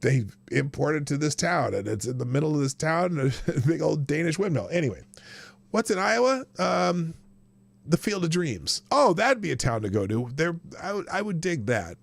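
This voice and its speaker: A middle-aged man from Nebraska hosts a live news show in a chatty, wandering way, talking to himself as he works the screen. His voice swings widely in pitch and carries a gravelly texture. The sound is dry and close. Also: sing-song, normal speed, no room sound. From Nebraska, US Midwest. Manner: rambling, chatty, talks to himself while working the screen. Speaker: show host. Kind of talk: casual live news commentary.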